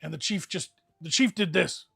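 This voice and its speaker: High, gravelly man rambling a mock eulogy. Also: normal speed, sharp tone, faint music behind. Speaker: host leading an improvised fantasy guild meeting. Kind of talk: improvised comedic role-play livestream.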